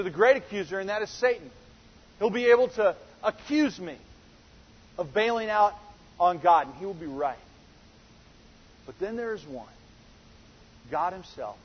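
A man's voice: sits high, slightly rough, lo-fi sound. A male pastor preaching an earnest sermon that builds to emphatic moments.

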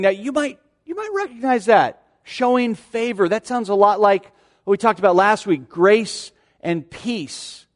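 A pastor in his forties, his voice sitting high in a big-room sound, preaches conversationally to his congregation. He often restarts sentences and poses rhetorical questions.

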